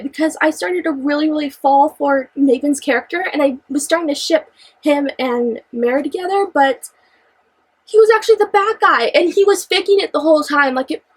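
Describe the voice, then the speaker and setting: A young woman with a high voice talks through a book she loves in casual chat. She gushes and exclaims, and she trips over repeated phrases when she gets worked up. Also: normal speed, low-quality recording. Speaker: book reviewer. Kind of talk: excited casual book discussion.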